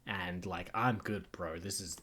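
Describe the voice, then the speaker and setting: A man's voice: low voice, fairly even intonation, unhurried, sharp tone, breathy edge. A man live-streaming a game, sarcastic and joking, swearing casually and laughing often as he teases the characters.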